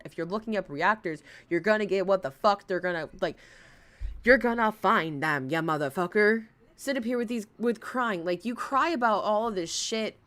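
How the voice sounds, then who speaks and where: A woman's voice: fairly low pitch, fairly bright tone. A woman streamer giving blunt, profane, mocking commentary while reacting to a livestream. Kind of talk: casual commentary.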